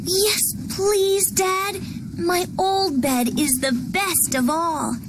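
Woman doing high childlike boy, pleading, slow, noisy track. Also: fairly even intonation, heavily acted. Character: young boy wanting a new bed. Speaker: child in a textbook dialogue.

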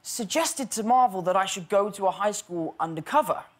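A man's voice: sits high, moderate pace. Young British man telling stories. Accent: British English. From England. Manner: lively storyteller, acts out quotes, laughs often. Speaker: actor guest. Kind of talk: talk show anecdotes.

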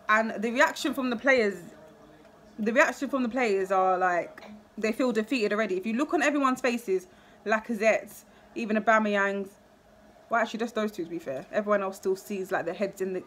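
A woman's voice: a little high, a little hiss or hum. A young woman, a football fan giving a live, emotional match reaction full of exclamations and repeated phrases.

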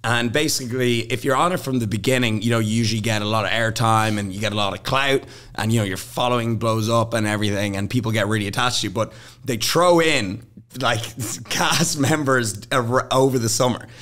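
Speaking at a brisk clip in a mid-range voice, this young podcast guest spins casual anecdotes. Laughter comes often, and he animates each story by quoting others in exaggerated put-on voices.

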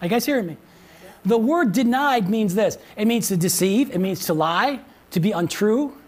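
A man's voice: high voice, lively intonation, normal speed. A man preaching a sermon as pastor in a conversational way, repeating phrases and often asking the congregation questions. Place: church.

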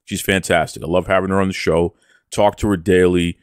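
A man's voice: sits low, fairly even intonation, fairly quick, dry recording, studio quality. A man hosting a wrestling podcast, talking with playful promo bravado and calling himself by name in the third person. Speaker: podcast host. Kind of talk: casual podcast chat.

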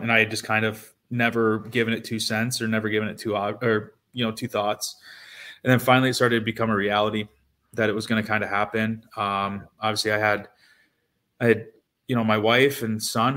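A man's voice: fairly low pitch, flat delivery, brisk, fairly bright tone. A man in his thirties, a former pro hockey player, telling stories casually in an interview with lots of fillers and restarts. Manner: rambling with many fillers and restarts.

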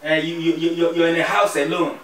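A man's voice: a little high, little pitch movement, brisk, fairly bright tone, lightly acted. A man playing a mocking Nigerian father. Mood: scolding. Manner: scolding, mocking, laughing jabs. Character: scolding middle-aged father, mocking and stern. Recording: echoey room, mic far off, music behind.

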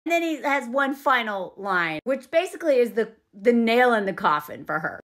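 A woman giving casual, sarcastic commentary on a movie scene, animated and quick to laugh. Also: on the high side.

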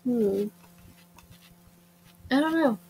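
A woman's voice: a little high, expressive, extremely slow, vocal fry, a little mellow, slight background noise, low-quality recording. A young woman co-hosting a let's-play, sounding tired and laid-back with short, casual replies. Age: young adult. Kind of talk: casual gaming chat.

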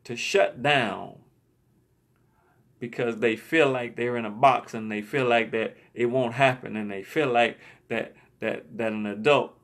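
Gravelly-voiced man preaching a sermon. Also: medium pitch, fairly even intonation, unhurried, fairly bright tone. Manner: emphatic, repeats words. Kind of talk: sermon storytelling.

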